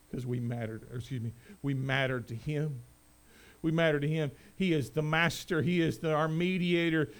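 High-voiced preacher with a wide dynamic swing. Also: male voice, moderate pace. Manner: swings from loud proclamation to quiet conversational asides. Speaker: pastor. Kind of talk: sermon.

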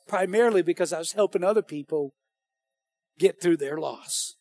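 A man preaching a sermon as pastor, animated and calling out to the congregation. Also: high voice, no echo.

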